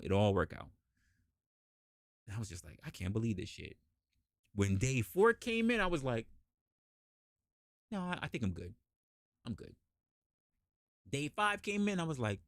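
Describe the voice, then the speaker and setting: A man hosting a podcast, telling a casual story and acting out the people in it with big jumps in pitch, swearing freely. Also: no echo, studio quality. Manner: animated, acts out quoted voices with big pitch jumps, swears. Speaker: podcast host.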